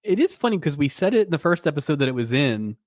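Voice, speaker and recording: A man co-hosting a podcast, walking through an old episode's plot and laughing as he goes. His pitch swings widely and his delivery is animated. The recording is dry and close, with no room sound. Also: fast talker, no echo. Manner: laughs often, narrates plot beats. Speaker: podcast co-host. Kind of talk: casual recap chat.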